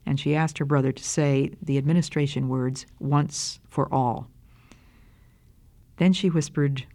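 An earnest woman gives a devotional talk. She speaks gently and reads long passages from a memoir aloud. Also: deep voice, steady tone, unhurried.

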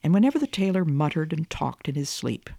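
A woman radio host reading a children's story aloud in a gentle, measured way. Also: low voice, sing-song, vocal fry, no echo.

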